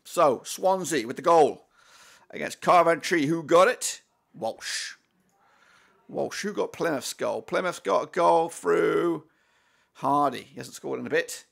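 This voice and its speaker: A man hosting a live football watchalong, commentating excitedly as a fan, with swearing, fillers and restarts. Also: fairly high pitch, unhurried, gravelly.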